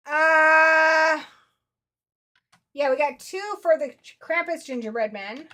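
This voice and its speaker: A woman with a high, bright voice hosts a casual livestream. She chats quickly and reacts to viewers, calling out their names as she reads comments. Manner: chatty, quick to react, talks to viewers by name. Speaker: livestream host.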